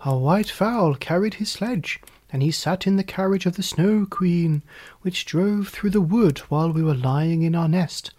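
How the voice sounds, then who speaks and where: A small wood pigeon coos its news in a high, airy voice, as a storyteller puts it on. The delivery is soft and breathy, and it rises well above an everyday speaking voice. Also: measured pace, natural voice. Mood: mournful. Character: cooing wood pigeon in a cage.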